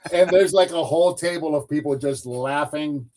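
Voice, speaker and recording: Chatty male podcast host, slightly high. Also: moderate pace, a little hiss or hum. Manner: animated, uses "like" and "dude" a lot. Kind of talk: casual chat.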